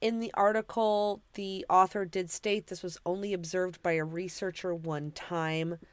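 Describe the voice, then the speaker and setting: A woman with a slightly low voice chats animatedly on a podcast, reading out animal facts and stumbling over tricky words. Her voice is close and dry, with no room sound. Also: fairly even intonation, a little slow, clear, resonant tone, dry recording. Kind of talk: casual podcast chat.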